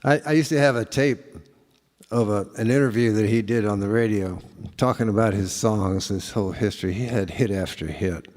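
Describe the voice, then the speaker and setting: A man's voice: fairly low pitch, normal speed, darkish tone. A middle-aged man, a singer-songwriter, telling a rambling, chuckling story between songs in a concert hall. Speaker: singer-songwriter performing live. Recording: live concert with guitar.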